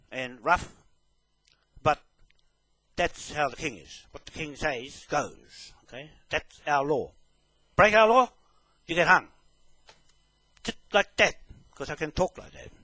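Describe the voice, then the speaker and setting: A man speaks slowly and deliberately, stressing each point and pausing to ask "okay?". His voice sits a little high and sounds bright and forceful. The sound is dry and close. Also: no echo, low-quality recording. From New Zealand. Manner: slow, emphatic, repeats "okay?" as a check. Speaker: self-proclaimed land claimant making a public statement. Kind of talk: direct address to camera.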